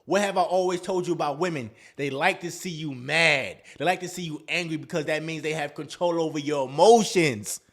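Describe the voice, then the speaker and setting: A man's voice: on the high side, brisk, hardly any pauses. A man hosting a dating advice talk, in a casual, slangy monologue that acts out quoted lines.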